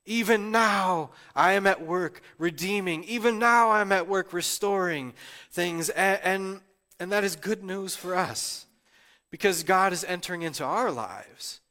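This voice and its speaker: Tearful pastor preaching in a reverberant hall. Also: male voice, high voice, unhurried, bright, forceful tone. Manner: personal, emotional preaching with frequent restarts. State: tearful, near crying. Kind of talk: sermon.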